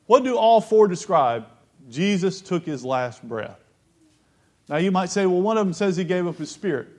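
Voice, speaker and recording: A man with a somewhat high voice preaches a Bible lesson and reads verses aloud. He slows down on the key phrases and keeps putting questions to his listeners.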